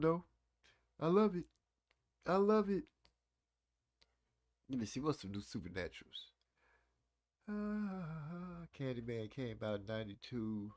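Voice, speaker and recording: A man's voice: a little high, big pitch swings, measured pace, long pauses, darkish tone. A man in his forties hosting a casual live stream, chatting and teasing viewers about old movies. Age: 40s. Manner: playful, teasing, reads chat aloud.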